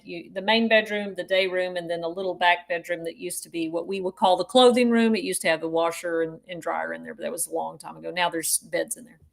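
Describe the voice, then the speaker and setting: A woman's voice: mid-range voice, creaky. A woman co-hosting a podcast, telling a story in a casual way and laughing often as she goes. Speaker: podcast co-host.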